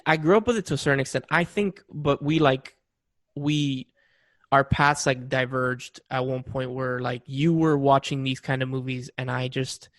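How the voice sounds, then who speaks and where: A young man co-hosting a podcast in casual chat, animated and swearing freely with lots of fillers. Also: mid-range voice, moderate pace, no room sound, clean studio sound. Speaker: podcast co-host.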